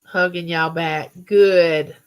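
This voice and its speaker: A woman's voice: on the low side, steady tone, slow, clear, resonant tone. A middle-aged woman hosting a live chat, greeting viewers and reading their comments aloud. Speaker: livestream host.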